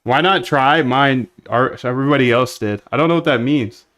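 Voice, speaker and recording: A man's voice: medium pitch, normal speed, a bit bright, dry recording. A man hosting a casual livestream, coding aloud and bluntly reacting to chat. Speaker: livestream host.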